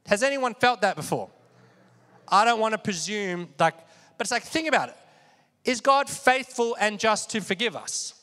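A man with a high-sitting, sharp-toned voice and lively intonation preaches at a moderate pace. His sermon feels conversational, full of questions to listeners and calls for them to repeat words, recorded with long hall reverb.

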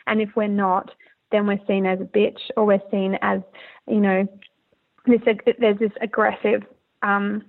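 Gravelly woman on a tinny line. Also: mid-range voice. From Australia. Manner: earnest, candid, rambling with restarts. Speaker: musician guest. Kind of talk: casual interview talk.

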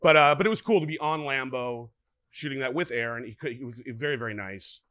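A middle-aged man, a guest actor, telling lively anecdotes in casual podcast chat, often acting out what people said. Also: medium pitch, a little fast, no echo. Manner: animated, lively anecdotes with frequent restarts and acted-out quotes.

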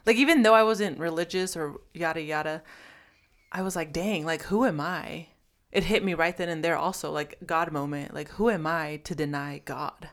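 A woman with a slightly low voice talks casually about her past. Her speech is loose and conversational and full of "like" fillers. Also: moderate pace. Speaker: guest, the man's wife.

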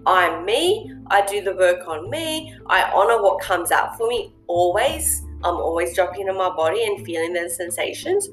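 A woman's voice: fairly low pitch, very animated, moderate pace, few pauses, faint music behind. A woman hosting a casual monologue, speaking earnestly and reflectively with plenty of ums and you-knows. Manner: earnest, reflective, lots of fillers. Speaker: host.

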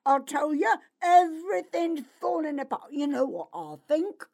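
A woman reading an audiobook, voicing a nervous, gossiping male outlaw guard with a gravelly, anxious voice. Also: high-pitched, animated, a little slow, a little mellow, voice pushed up, full character voice. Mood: grumbling. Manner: anxious, grumbling. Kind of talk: audiobook character voice.

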